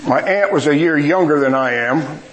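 A middle-aged preacher tells stories from the pulpit in a folksy, self-mocking way. His voice sits a little higher than most men's. Faint background ambience hangs behind him. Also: moderate pace, fairly bright tone, a little hiss or hum, rough recording. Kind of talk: storytelling sermon.

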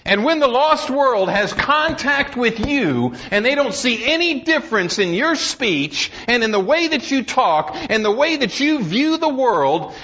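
A man preaching a sermon, emphatic and urging, reading scripture slowly and solemnly and dropping to low, intense tones. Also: pushed and bright, highs cut off. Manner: reads scripture in slow, solemn cadence.

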